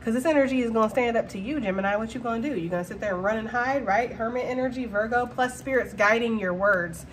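A woman's voice: fairly high pitch, fast, hardly any pauses, slight background noise. Chatty woman doing a tarot reading. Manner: chatty, slangy, animated, breaks into laughter. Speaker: tarot reader. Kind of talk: casual tarot reading to camera.

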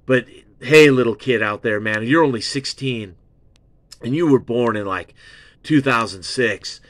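A man hosting an album review show, gushing and excitable, repeating himself and swearing freely. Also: medium pitch, a little slow, dry recording. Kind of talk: rambling casual album review.

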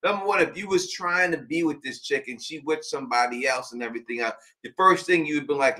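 Bright-voiced man giving his take. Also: fairly high pitch, brisk, hardly any pauses. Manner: opinionated, checks agreement with "right?". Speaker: co-host of an after show. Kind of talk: casual recap chat.

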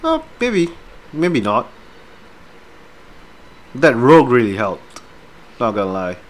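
A man's voice: medium pitch, takes it slowly, a little hiss or hum. A man on a live stream, chatting casually with viewers and reading a book aloud. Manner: casual, rambling, with fillers; lively when reading. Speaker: streamer and reader.

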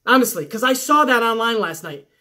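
A woman's voice: a little high, animated, fairly quick, bright, forceful tone. A woman reviewing a wrestling show in a sarcastic, exasperated rant full of swearing. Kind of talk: profane recap rant.

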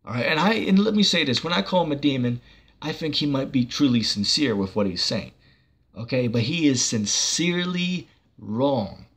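A man's voice: medium pitch, lively intonation, fairly quick, a bit bright, breathy edge. A man preaching on a church channel in a heated, combative monologue, cursing and mocking the person he argues against.

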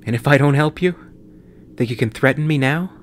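A man's voice: on the low side, steady tone, normal speed, a little hiss or hum, lightly acted. A man reading an audiobook voices a cynical, short-tempered male pilot who turns sarcastic and raises his voice. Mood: desperate bitter.

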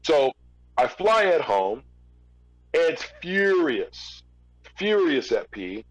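A man in an interview, casually telling a long story with relaxed restarts. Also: a little high, very slow, dry recording, rough recording. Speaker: interview guest, former record label executive.

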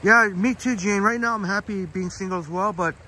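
Male stream host, slightly high voice, relaxed outdoor walk-and-talk, light street ambience. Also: a little fast, slight background noise. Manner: chatty, reads viewer comments aloud by name. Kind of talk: casual live-stream walk chat. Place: outdoors in a park, walking. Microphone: phone on a live stream.

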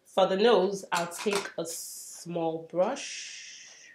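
A young woman doing a casual makeup tutorial, chatty and self-mocking, dropping to soft murmurs as she works. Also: on the low side, extremely slow, in a whisper. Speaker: beauty vlogger. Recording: roomy echo, faint hiss.

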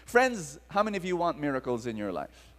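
Animated Filipino preacher in a hall. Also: male voice, fairly high pitch, a little fast. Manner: animated, dramatic storyteller engaging the crowd. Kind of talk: storytelling sermon to a live audience. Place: large hall with long reverb. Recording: live talk in reverberant hall.

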